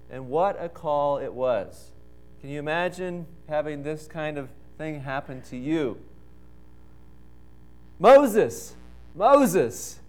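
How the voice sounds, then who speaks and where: A man preaching a sermon with slow, emphatic delivery and dramatic pauses. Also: high voice, clear, resonant tone. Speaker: pastor.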